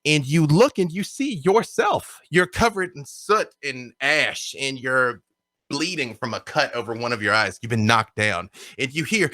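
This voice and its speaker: Man narrating a tabletop game, animated. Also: medium pitch, a little slow, no room sound, clean studio sound. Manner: dramatic, vivid narration. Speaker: game master.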